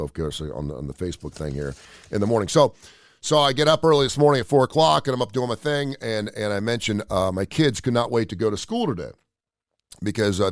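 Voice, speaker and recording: A middle-aged man hosts a morning radio show from his home studio. He talks in a low register, rambling and energetic, with plenty of fillers and restarts, and the sound is dry and close. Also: no echo.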